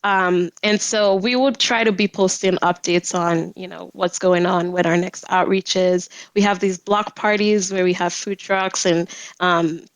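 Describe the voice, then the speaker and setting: A woman guesting on a podcast, chatting casually about her volunteer group, bashful and quick to giggle. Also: fairly low pitch, steady tone, dry recording, rough recording.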